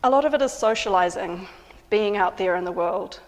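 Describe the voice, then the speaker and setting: A woman composer and sound artist narrating in a calm, measured, matter-of-fact way. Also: medium pitch, in a large hall. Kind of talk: reflective spoken narration.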